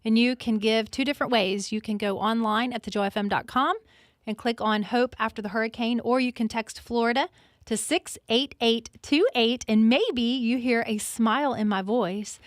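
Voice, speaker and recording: A woman's voice: on the high side, moderate pace, no room sound. A woman hosting a live radio fundraiser from a studio, talking earnestly and repeating words for emphasis. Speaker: radio host.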